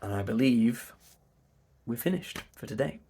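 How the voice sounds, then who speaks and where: A man with a Received Pronunciation accent coaching pronunciation, repeating words and sounds slowly, now and then whispering them. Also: mid-range voice, animated, gravelly, warm tone, a little hiss or hum. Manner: drawn-out demonstration sounds, repeating words and phonemes, with whispered bits. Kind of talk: slow, deliberate pronunciation lesson.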